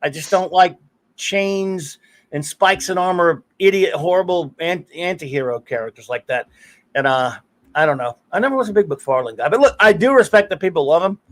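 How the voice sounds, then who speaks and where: Middle-aged guy rambling thru stories on his stream, high voice, swears a lot, laughs at himself. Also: lively intonation, normal speed. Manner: rambling storyteller, curses freely, laughs often. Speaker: podcast host. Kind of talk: casual live-stream chat.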